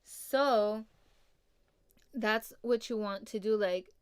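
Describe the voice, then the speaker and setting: A woman's voice: medium pitch, drawn-out words, smooth, dry recording. Laid-back young woman rambling on a podcast. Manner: laid-back, rambling, heavy on fillers and cussing. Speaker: podcast host. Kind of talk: casual solo podcast chat.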